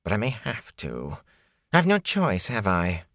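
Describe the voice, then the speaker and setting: A man voicing a ragged, frightened male peddler who talks in a raspy, hoarse, whining way. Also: lowish voice, wildly swooping pitch, measured pace, a bit bright, no echo, studio quality, heavily acted. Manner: whining, fearful, rambling.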